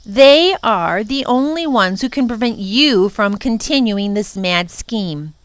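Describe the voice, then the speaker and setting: A woman voicing a slow, menacing villain. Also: medium pitch, lively intonation, no echo. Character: menacing sly male villain, cold and threatening. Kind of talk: storybook reading aloud.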